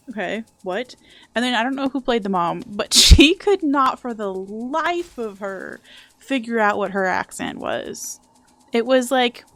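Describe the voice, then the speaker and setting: A woman's voice: on the high side, a bit bright. Chatty, sarcastic young woman streamer. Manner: chatty, sarcastic, swears casually, jokes about a movie. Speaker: streamer playing a video game. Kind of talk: casual live-stream chat.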